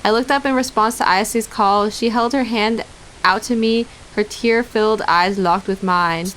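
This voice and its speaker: A woman's voice: mid-range voice, fairly even intonation, moderate pace, a bit bright, slight background noise. A young woman streamer reading visual novel narration aloud, breaking off into giggly casual asides to chat.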